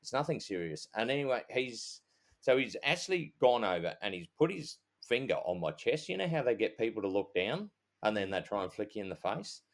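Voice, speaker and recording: A man's voice: fairly low pitch, very animated, a little fast. A middle-aged Australian man, a podcast co-host who is a police officer, rambling through a casual anecdote with sweary asides and quoted dialogue. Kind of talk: casual storytelling.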